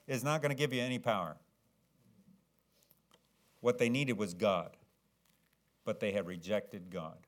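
A man preaching a sermon, swinging from low, earnest tones to loud, dramatic, acted-out shouts. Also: a little slow, pauses often.

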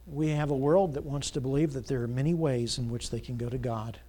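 A male pastor preaching a Sunday sermon, asking the congregation to fill in words and building to loud, emphatic passages. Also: mid-range voice, steady tone, a little fast. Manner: call-and-response questions, rising to loud emphatic preaching. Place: church sanctuary. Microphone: church sound system mic.

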